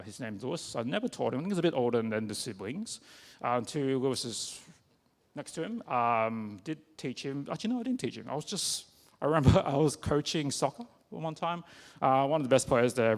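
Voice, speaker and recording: A man giving a personal sermon, talking conversationally with halting restarts and many fillers. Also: mid-range voice. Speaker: preacher. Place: church. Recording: long reverb of a church hall.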